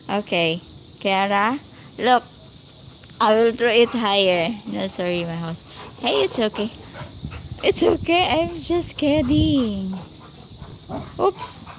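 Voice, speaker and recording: A woman's voice: on the high side, animated, slow pace, pauses often, slight background noise, rough recording. Giggly woman coaxing her dogs. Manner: doting, giggly, coaxing pet talk. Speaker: channel host playing with her dogs. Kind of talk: casual live-stream chat to pets.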